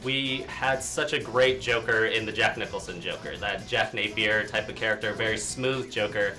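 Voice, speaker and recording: A man's voice: on the low side, normal speed, sharp tone, soft background music. A man co-hosting a film review show, chatting casually and joking around with his co-hosts. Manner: jokey, does voice impressions.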